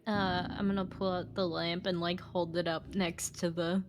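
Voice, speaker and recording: A woman's voice: fairly low pitch, level tone, normal speed, a little hiss or hum. A woman player in casual tabletop game chat, curious and easygoing.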